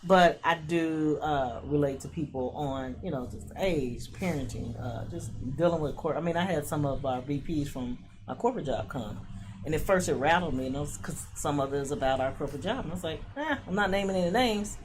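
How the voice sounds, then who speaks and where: A middle-aged woman, a stand-up comedian, telling casual stories as a guest, animated and laughing often while acting out the people she quotes. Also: sits low, a little fast. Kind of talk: casual storytelling. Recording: noisy background ambience.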